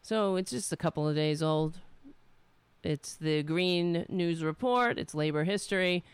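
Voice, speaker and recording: A woman's voice: fairly low pitch, unhurried, clear, resonant tone, dry recording. A middle-aged woman with a nasal voice hosts a casual political talk show alone, sarcastic and profane, muttering to herself between points. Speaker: show host.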